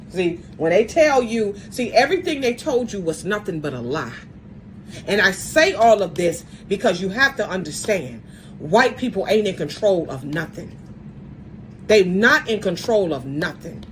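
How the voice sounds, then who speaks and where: Woman ranting to her viewers, keeps saying see and look, lots of repeating, mid pitch. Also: a little hiss or hum, rough recording. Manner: emphatic, repetitive, lecturing; often opens phrases with "see" and "look". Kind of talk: casual monologue to viewers.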